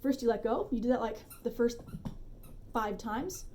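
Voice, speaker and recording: A woman dog trainer giving a relaxed, chatty demonstration tutorial at home, with informal asides. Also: a little high, moderate pace, slight background noise.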